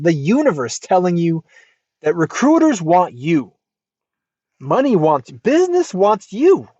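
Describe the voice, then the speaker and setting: An American man hosting a casual advice podcast, reacting to a post in an emphatic, lively way and swearing freely. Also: fairly high pitch, husky, dry recording. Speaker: podcast host. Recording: dull lo-fi dry sound.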